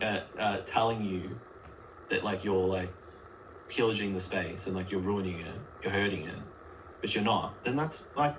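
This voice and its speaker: A man with a lowish voice appears as a guest on a livestream, arguing earnestly in a casual debate and rambling with lots of filler words. The recording is rough, with slight background noise.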